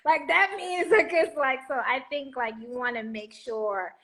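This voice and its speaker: A woman hosting a casual livestream chat. She talks in an animated, playful way, breaking into laughter and loud bursts. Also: high-pitched, measured pace. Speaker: host of a live show.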